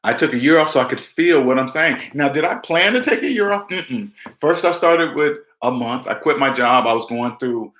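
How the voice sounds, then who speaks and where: A man's voice: mid-range voice, lively intonation, moderate pace, few pauses, a bit bright. Preachy man vlogging in an echoey room. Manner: preachy, repetitive, talks straight to viewers, acts out quotes. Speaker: personal finance vlogger. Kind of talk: casual motivational monologue to camera.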